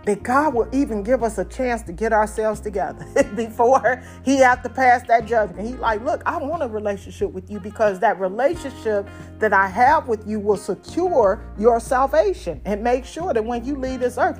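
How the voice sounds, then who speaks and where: A woman's voice: on the high side, expressive, normal speed, faint music behind. A woman preaching a sermon in a conversational, folksy way, addressing the congregation directly.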